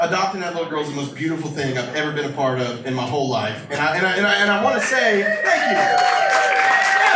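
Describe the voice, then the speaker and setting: A man's voice: high-pitched, background noise. A man performing a stand-up comedy set in a club with a brash, profane, riffing manner. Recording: roomy live club recording from a distance. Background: audience laughter and room ambience.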